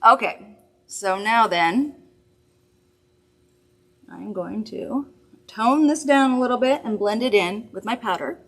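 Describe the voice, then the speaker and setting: A woman's voice: on the high side, expressive, slow pace, long pauses. A woman hosting a live makeup demonstration from a studio, chatty, upbeat and reassuring as she works. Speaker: makeup host.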